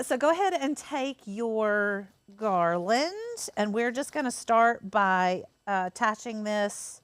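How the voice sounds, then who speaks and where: A woman walks through a craft project in an easygoing, rambling way, full of ums and asides. Her voice sits at an ordinary middle pitch, and the sound is close and dry with no room echo. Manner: chatty and rambling, many fillers. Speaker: craft host. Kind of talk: casual craft tutorial.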